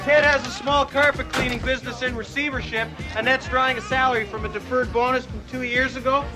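A man's voice: very high voice, fairly even intonation, fast. An actor playing a nerdy, eager male accountant who introduces party guests in a film comedy scene. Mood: chirpy. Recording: film clip with music behind. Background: music.

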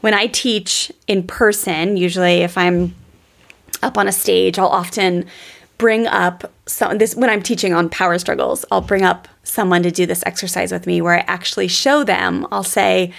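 A woman's voice: on the low side, steady tone, normal speed, creaky, fairly bright tone. A woman teaching parenting on a podcast, chatty and storytelling, often calling her listeners "guys". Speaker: parenting educator.

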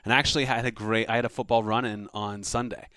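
A man with a lowish voice tells a story at a quick clip. He is a comedian guest in a casual chat and acts out other people's lines as he goes. The sound is close and dry. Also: no echo. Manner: animated anecdote teller, acts out quotes.

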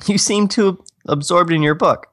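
A man voicing a cheerful, teasing young woman in a high falsetto. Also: moderate pace, a bit bright.

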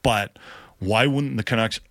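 A man's voice: fairly low pitch, a little slow, a bit bright, no room sound, clean studio sound. A male radio host in casual sports banter, defensive and reading out listener texts. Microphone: close studio mic.

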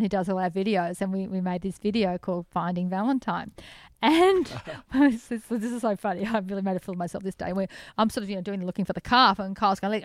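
An Australian woman spins lively stories in a relaxed interview, laughing easily along the way. Her pitch sits in a middle range. The sound is dry and close, with no room around it. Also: no echo. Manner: lively animated storyteller, laughs often. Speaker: sanctuary founder, guest. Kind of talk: casual storytelling interview.

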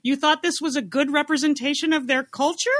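A woman co-hosting a TV review podcast in casual chat, animated and teasing, laughing often. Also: high voice, brisk, no room sound. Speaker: podcast co-host.

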